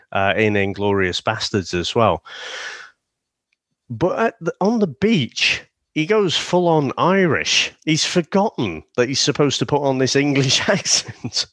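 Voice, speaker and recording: A man's voice: medium pitch, fairly bright tone, dry recording. A man co-hosting a casual movie review chat, talking in rambling runs with many fillers and restarts. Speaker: podcast co-host.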